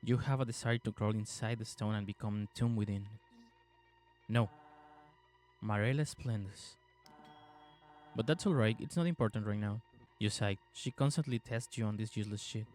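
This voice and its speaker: A man's voice: on the low side, a little mellow. A young man hosting a gaming video, reading the story narration evenly and chatting upbeat between scenes. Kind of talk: game narration and commentary.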